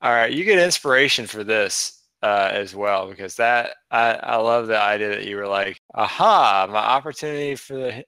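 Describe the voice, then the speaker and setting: A man running a tabletop game online as game master, relaxed and chatty, laughing often. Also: on the low side, normal speed, few pauses, smooth, no echo. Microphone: online voice chat.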